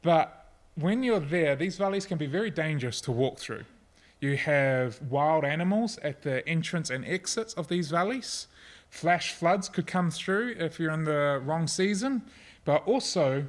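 A middle-aged pastor delivers a sermon in a voice pitched slightly higher than usual. His tone is earnest and personal, easing into softer, reflective passages.

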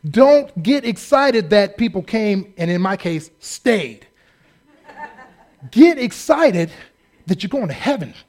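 High-voiced animated male preacher. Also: takes it slowly. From United States. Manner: animated, joking asides and acted-out quotes. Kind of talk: humorous sermon.

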